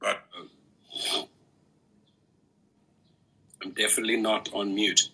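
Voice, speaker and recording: A man's voice: on the low side, little pitch movement, takes it slowly, vocal fry, bright, forceful tone, husky, poor audio. A man in a clip being played, mocking another driver sarcastically. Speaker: critic in a played video. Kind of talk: mocking commentary video.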